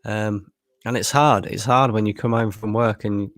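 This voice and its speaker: A man's voice: lowish voice, steady tone, moderate pace, no room sound, studio quality. A man streaming a live match watchalong, tired after a long work shift and bluntly frustrated, swearing freely. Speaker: fan channel streamer.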